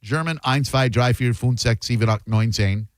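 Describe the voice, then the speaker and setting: A man's voice: medium pitch, moderate pace, clean tone, no room sound. A man hosting a radio talk show, chatting casually with sarcastic asides. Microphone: studio microphone.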